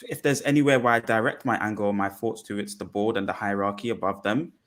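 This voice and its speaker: A man talking things through deliberately on a fan podcast panel, with many pauses and restarts. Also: fairly low pitch, fairly even intonation, a bit bright. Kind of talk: measured fan podcast discussion.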